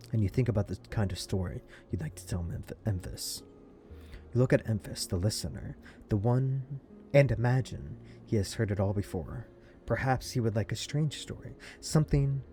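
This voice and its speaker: A man playing a story game, reading its text aloud and breaking into excited comments and laughs. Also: fairly low pitch. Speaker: let's play gamer.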